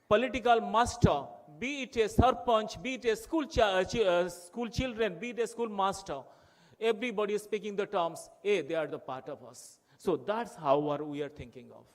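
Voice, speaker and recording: A high-voiced man from Odisha speaks animated Odia-accented Indian English at a moderate pace. As a conference speaker, he delivers an impassioned, rhetorical speech full of repetition.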